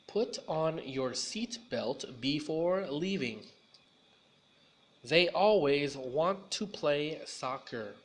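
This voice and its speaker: A man teaching English pronunciation, drilling single words and sentences slowly and deliberately for learners to repeat. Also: mid-range voice, fairly bright tone, a little hiss or hum. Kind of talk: pronunciation lesson.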